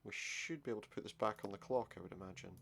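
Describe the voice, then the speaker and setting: A man's voice: fairly low pitch, very fast, vocal fry, fairly bright tone, a little hiss or hum. A man giving casual commentary while playing a game, muttering his thoughts aloud. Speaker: let's play gamer.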